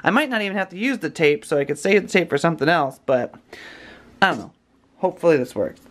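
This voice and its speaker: A man's voice: fairly high pitch, expressive, fast, a bit bright. Chatty gushing male vlogger. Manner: rambling, chatty, gushing with lots of fillers. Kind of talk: casual vlog chat. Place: home, then a store.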